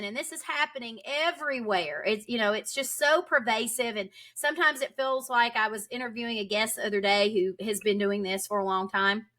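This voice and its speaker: A woman's voice: fairly high pitch, a little fast, hardly any pauses, bright, forceful tone. A woman homeschool advocate from Tennessee, talking urgently and emphatically as a guest in a podcast interview. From Tennessee, United States.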